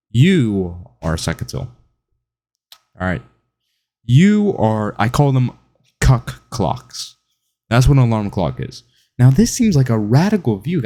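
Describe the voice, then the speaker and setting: A man's voice: mid-range voice, warm tone. A man delivering an opinionated, mocking monologue, now and then mimicking other people in whiny voices. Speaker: online commentator. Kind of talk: monologue to camera.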